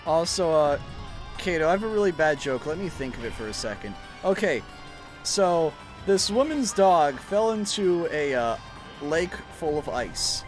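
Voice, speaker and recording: A man's voice: fairly high pitch, sing-song, a little slow, faint music behind. A young adult man streaming, chatting casually while gaming, rambling with lots of fillers and swearing freely.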